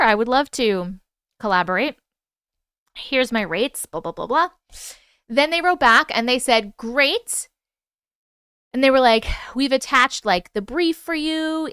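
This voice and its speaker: A woman hosting a livestream, casually telling a story, animated and profane, acting out the voices she quotes. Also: a little high, clean tone, no echo, studio quality. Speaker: host. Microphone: wireless clip-on mic.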